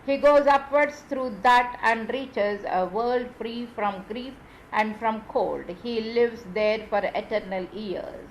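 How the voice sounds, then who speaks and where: A woman reading scripture aloud in a measured, deliberate way, with small slips and restarts. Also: fairly high pitch, slight background noise, low-quality recording. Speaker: reader of scripture.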